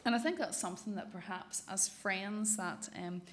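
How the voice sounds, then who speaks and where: A woman leading an interactive church teaching talk, affirming answers warmly with yeah and absolutely and pausing often with um. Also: medium pitch. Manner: affirming, thoughtful, frequent um pauses. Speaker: Bible study leader.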